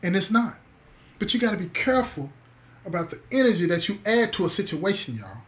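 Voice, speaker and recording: A man's voice: sits high, big pitch swings, a little fast. A man telling a story to listeners, emphatic, repeating key words and calling them "y'all". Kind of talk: spoken storytelling to an audience.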